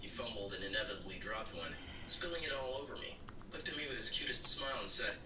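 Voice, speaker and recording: A man's computer-generated voice reading short stories aloud in a flat, even way. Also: fairly low pitch, fast talker. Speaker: story narrator. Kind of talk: text-to-speech reading of bartender stories. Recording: echoey, distant, noisy.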